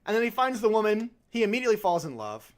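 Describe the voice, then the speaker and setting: A man co-hosting a podcast, retelling a film in casual chat with animated, acted-out quotes. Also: high-pitched, fast. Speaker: podcast co-host.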